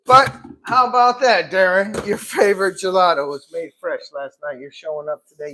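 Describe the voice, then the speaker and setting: This gelato shop owner chats casually on a live stream while he works, talking to himself and often clearing his throat. His voice sits high and his pace is moderate. The recording is clear, with background noise and clicks.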